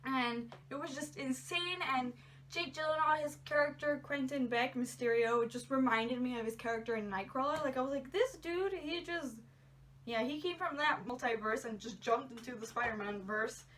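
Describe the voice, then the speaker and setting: A woman's voice: sits high, brisk, a bit bright, slight background noise. A young woman chatting casually in a movie review, gushing and giggly, rambling with lots of "like"s. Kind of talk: casual spoiler review chat.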